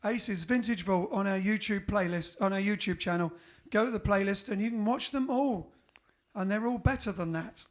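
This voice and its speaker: A man's voice: high voice, normal speed. An English man, a bandleader hosting a livestream, chatting casually in a jokey, rambling way and correcting himself as he goes. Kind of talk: casual chat.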